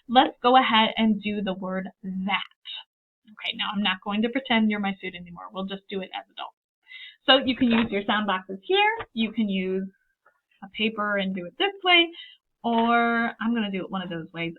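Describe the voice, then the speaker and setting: A woman teacher trainer runs an upbeat, step-by-step video lesson, acting out her students' dialogues along the way. She speaks fairly quickly in a mid-range voice with lively intonation, and the audio sounds narrow, like a phone.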